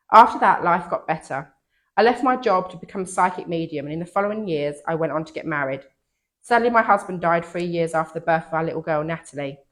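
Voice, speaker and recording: A woman's voice: lowish voice, a bit bright. Woman in her sixties reading her story. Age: 60s. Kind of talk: reading a personal story aloud.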